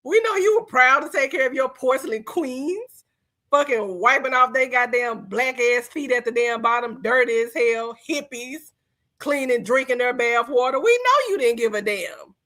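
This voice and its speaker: A woman's voice: high-pitched, animated, normal speed, pushed and bright. A woman co-hosting a podcast, talking brashly and mockingly in casual, profane banter. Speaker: podcast co-host.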